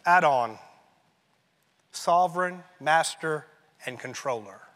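A man preaching a sermon as pastor, emphatic and rising, then dropping to a hushed tone on key phrases. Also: a little high, animated, takes it slowly, long reverb tail.

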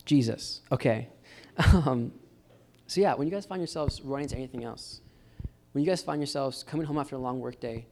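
Faint guitar drifts behind a man preaching at a church gathering, his medium-pitched voice brisk, gravelly, and darkish. The sermon is casual and encouraging, and he speaks informally, constantly calling people "guys."

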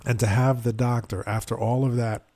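Gravelly dad telling a story. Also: male voice, moderate pace. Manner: animated retelling, acts out quotes with sudden rises in pitch. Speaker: podcast co-host. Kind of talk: casual storytelling chat.

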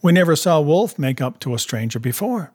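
A man reading aloud voices an earnest young wife who pleads emotionally in a raised, husky voice. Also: a little high, expressive, fairly quick, no room sound, studio quality, pitched above the performer's own voice. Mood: pleading.

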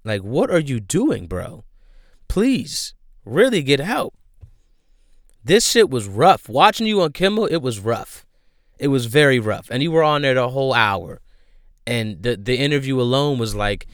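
A young man rants straight to the mic in slow, drawn-out phrases. His voice is smooth and clear in a dry, close sound. He is slangy and emphatic and circles back to the same points again and again. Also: medium pitch, dry recording. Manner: slangy, emphatic, repeats himself, leans on "bro". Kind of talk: casual commentary rant.

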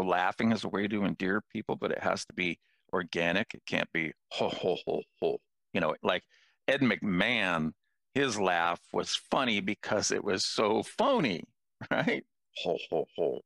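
An older man chats casually, telling stories and poking fun at himself. His voice sits low with a rough, gravelly edge. The sound is dry and close. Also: measured pace, a bit bright, no echo. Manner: self-deprecating, jokey storyteller. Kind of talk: casual conversation.

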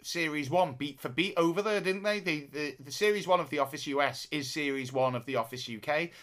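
A man's voice: a little high, fairly quick, a bit bright. A man co-hosting a casual podcast chat, rambling through stories with frequent restarts. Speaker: podcast co-host.

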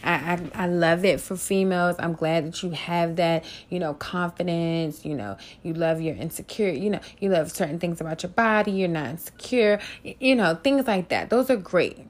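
A woman's voice: fairly low pitch, normal speed, few pauses. Candid, profane gossip-show woman. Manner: candid, profane, laughing often. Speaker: host. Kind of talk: casual celebrity gossip commentary.

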